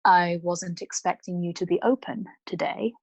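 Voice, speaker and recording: A woman reading the part of a disdainful male village priest, speaking low, smooth and politely sneering. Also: normal speed, darkish tone, dry recording, highs cut off. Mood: cool.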